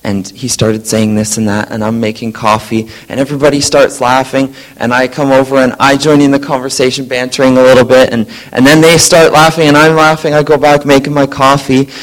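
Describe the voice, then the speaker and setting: A science teacher telling a group a lively story about his day, acting out the voices of colleagues. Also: mid-range voice, fairly quick, few pauses, low-quality recording. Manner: animated, acts out quoted voices. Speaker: science teacher sharing a testimony.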